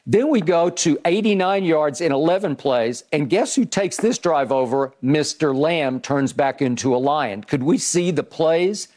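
A man's voice: fairly high pitch, measured pace, few pauses. A man hosting a sports debate show, recounting plays emphatically with frequent restarts. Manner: animated, restarts often, emphatic play-by-play recounting.

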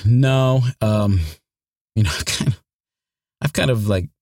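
A man's voice: on the low side, slow, a little mellow, dry recording, clean studio sound. A man who narrates audiobooks, talking casually in an interview, rambling and restarting his sentences often. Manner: rambling, with many restarts and repeated words.

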